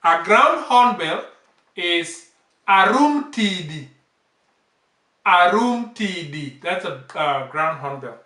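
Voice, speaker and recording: A man teaching bird names, saying each word slowly and repeating it several times. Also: sits high, lively intonation, pushed and bright. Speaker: language teacher. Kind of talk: slow vocabulary lesson, repeating each word. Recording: echoey room, off-mic.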